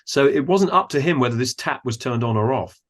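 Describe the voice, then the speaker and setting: A man, a guest on a podcast, who talks thoughtfully and admiringly, often pausing to search for words. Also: mid-range voice, lively intonation. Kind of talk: thoughtful conversational discussion.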